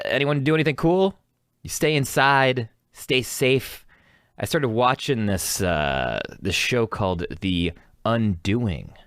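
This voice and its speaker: A young man hosting a podcast, rambling and profane, his lowish voice rising and falling with a lot of animation. The sound is dry and close, with no room around it. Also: a bit bright, no room sound. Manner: rambling, profane, mimics characters in mocking voices. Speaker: podcast host. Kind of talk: casual solo chat.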